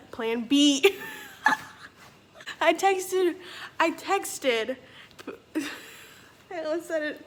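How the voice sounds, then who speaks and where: High bright chatty young woman vlogger. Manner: chatty, rambling, acts out quoted dialogue. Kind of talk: casual storytelling vlog.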